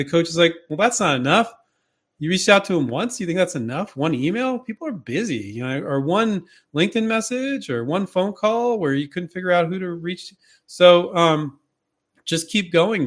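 Guy hosting an inventor show, slightly high voice, chatty, acts out little quotes. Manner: animated, acts out quoted dialogue. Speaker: show host and inventor coach. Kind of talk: casual advice talk.

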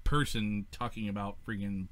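A man's voice: on the low side, flat delivery, moderate pace. A man co-hosting a casual talk show, crude and laughing in banter. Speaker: podcast co-host.

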